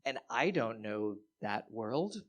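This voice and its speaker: A man performing standup comedy live, animated and self-mocking, with swearing. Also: mid-range voice, takes it slowly.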